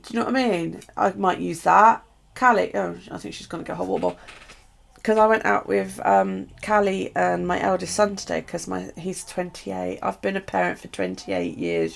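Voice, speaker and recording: A woman's voice: medium pitch, expressive, moderate pace, creaky. A middle-aged woman with a British accent, chatting casually to viewers while unboxing craft supplies and gushing over them. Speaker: craft live streamer.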